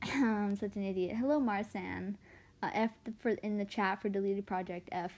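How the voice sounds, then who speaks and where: A late-teen girl draws on a livestream, chatting casually at a moderate pace in a mid-range voice. She rambles and pokes fun at herself while telling stories, her voice swinging up and down in an animated way.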